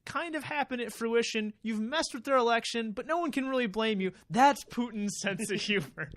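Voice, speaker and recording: A man quoting a dry male TV comedian in a wry, quick delivery while retelling a comedy bit. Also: extremely high pitch, a bit bright, slight background noise, voice pushed up. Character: dry male TV comedian quoted mid-story.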